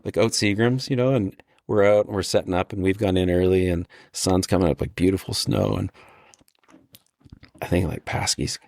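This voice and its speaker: A man's voice: deep voice, fairly even intonation, normal speed, creaky, darkish tone, dry recording. Male podcast guest, rambling storyteller with restarts and swearing, close dry mic. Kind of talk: casual storytelling.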